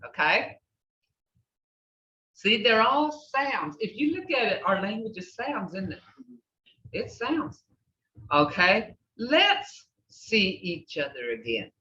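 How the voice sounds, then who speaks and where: An older woman teaching a language class, repeating words slowly and checking in with "okay?". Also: mid-range voice, sing-song, pushed and bright. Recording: echoey, distant, dull room recording.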